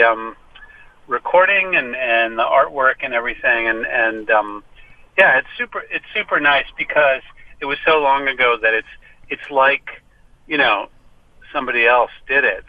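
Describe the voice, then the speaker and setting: Wry stammering man on a muffled phone line. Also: medium pitch. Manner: stammering, wry and self-deprecating. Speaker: guest musician. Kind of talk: casual phone interview. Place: parked car. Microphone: phone call.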